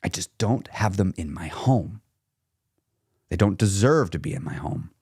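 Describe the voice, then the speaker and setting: A man coaching a viewer bluntly, challenging her with rapid-fire questions and frank examples. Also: low voice, expressive, a little mellow, slightly rough, dry recording, studio quality. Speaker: weight-loss coach. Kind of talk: direct coaching talk to a viewer.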